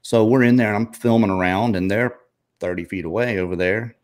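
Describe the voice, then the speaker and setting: Host, male, very low voice, laid-back conversational storyteller. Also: steady tone, fairly quick, darkish tone. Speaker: show host. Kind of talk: casual interview chat.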